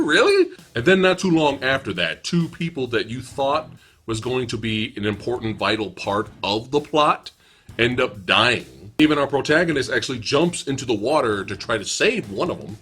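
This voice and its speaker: A man's voice: mid-range voice, animated, moderate pace, a bit bright, slightly rough. A young man giving a casual, profane, sarcastic movie review.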